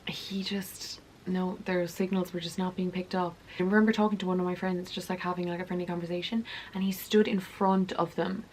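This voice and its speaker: A young woman tells a story to camera in a chatty, animated way and acts out the dialogue. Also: on the low side, fairly quick, hardly any pauses, slight background noise. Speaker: vlogger.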